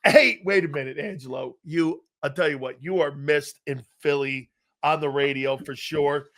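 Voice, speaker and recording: High, bright-voiced excitable male show host. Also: moderate pace. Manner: enthusiastic, effusive, retelling anecdotes. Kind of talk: casual sports talk show chat.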